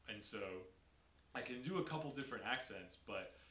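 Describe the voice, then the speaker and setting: A man chatting energetically on a podcast, explaining language and accents with lively enthusiasm. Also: medium pitch, moderate pace. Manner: energetic, imitates Italian accents. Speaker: podcast guest. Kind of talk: casual podcast chat. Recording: echoey room with faint hiss.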